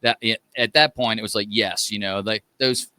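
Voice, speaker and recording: A male musician guest chatting casually, rambling through his stories with many fillers. His voice is bright and smooth. The recording is dry and close. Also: fairly low pitch, steady tone, moderate pace, no room sound. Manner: rambling, with many fillers and restarts, laughs often. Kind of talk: casual chat.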